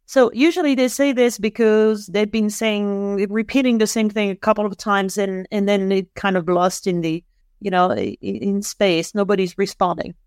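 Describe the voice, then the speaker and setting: Middle-aged woman guest, medium pitch, thoughtful explainer with many restarts, dry close-mic sound. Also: moderate pace, darkish tone, smooth, dry recording. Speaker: podcast guest, author. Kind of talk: interview conversation.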